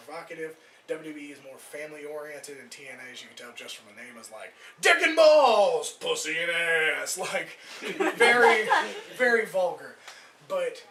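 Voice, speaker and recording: A man does a stand-up set, rambling loosely, swearing and acting out different voices in a slightly high register. He's captured from far away in an echoey room with noisy background.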